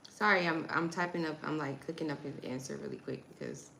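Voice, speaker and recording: A woman's voice: on the low side, vocal fry, a bit bright, roomy sound, slight background noise, poor audio. A woman hosting a livestream, chatting casually with her viewers and reading text aloud. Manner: chatty, talks to chat, reads text aloud. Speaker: livestream host.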